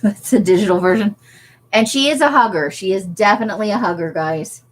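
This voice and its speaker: Woman host, chatty and laughing, mid-pitched voice, talking through viewer comments. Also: brisk. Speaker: livestream host. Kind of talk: casual livestream chat.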